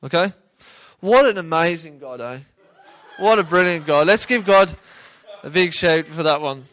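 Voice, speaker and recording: With a fairly high, fairly bright voice at normal speed, this man teaches the Bible informally, talking conversationally and often questioning his audience.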